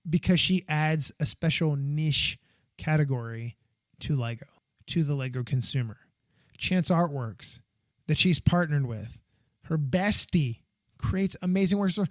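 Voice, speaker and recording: Excitable American man hosting a podcast. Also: on the high side, no echo, studio quality. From United States. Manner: rambling, heartfelt and excitable, voice jumping up when enthused. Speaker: podcast host. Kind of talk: solo podcast monologue.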